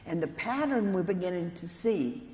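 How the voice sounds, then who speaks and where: A woman's voice: on the low side, lively intonation, moderate pace, mellow. A woman, a nun, giving an earnest storytelling keynote talk and speaking directly to an audience of lawyers. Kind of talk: conference keynote speech. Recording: echoey hall, faint room noise.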